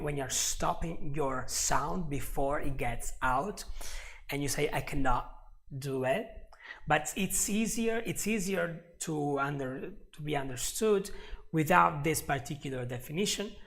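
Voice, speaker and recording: A man's voice: a little high, gravelly, fairly bright tone. A man teaching English on a live stream, explaining step by step and chatting with viewers. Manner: explanatory, repeats words, chats with viewers.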